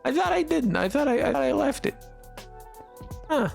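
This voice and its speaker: A man's voice: very high voice, sing-song, normal speed, creaky, faint music behind. A man streaming a game, chatting casually with chat, joking, tripping over his words and laughing. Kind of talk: casual live-stream chat while gaming.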